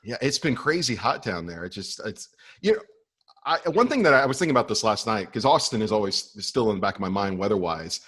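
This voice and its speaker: Man, guest meteorologist, friendly, chatty, relaxed interview talk. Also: lowish voice, fast talker, slightly rough. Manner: friendly, chatty, laughs easily. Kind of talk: casual interview chat.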